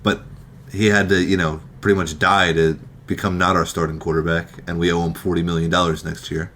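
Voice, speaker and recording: A man's voice: low-pitched, flat delivery, fairly quick, fairly bright tone, a little hiss or hum. A young man co-hosting a casual sports podcast, wry and grumbling about his team. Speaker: podcast co-host.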